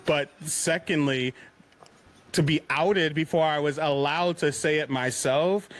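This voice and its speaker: A man's voice: a little high, a little slow, slight background noise. A young man guesting on a podcast, telling jokey stories with lots of laughter. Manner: animated storyteller, laughs often, jokey. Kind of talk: casual chat.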